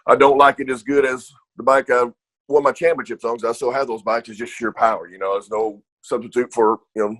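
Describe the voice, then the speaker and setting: A man's voice: mid-range voice, fairly even intonation, fairly quick, fairly bright tone, poor audio. A middle-aged man telling rambling stories in a casual interview, laughing often and swearing freely. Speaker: retired racer guest.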